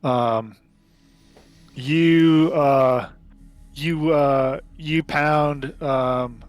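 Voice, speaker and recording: Slow, halting man running a tabletop game. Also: mid-range voice, fairly even intonation, faint music behind. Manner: halting, many fillers. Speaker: game master.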